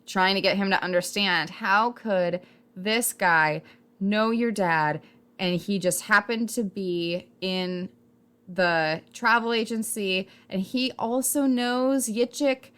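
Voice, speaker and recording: A young woman co-hosting a casual TV review chat, animated and full of questions as she speculates. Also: medium pitch, slow, smooth. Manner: animated, wondering aloud with many questions. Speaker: podcast co-host reviewing a TV series.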